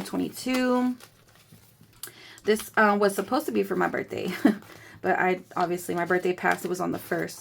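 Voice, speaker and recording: A woman's voice: mid-range voice, vocal fry, a little hiss or hum. A woman in her thirties chatting casually in a budgeting vlog, rambling and candid, grieving, counting cash aloud between thoughts. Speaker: budgeting vlogger.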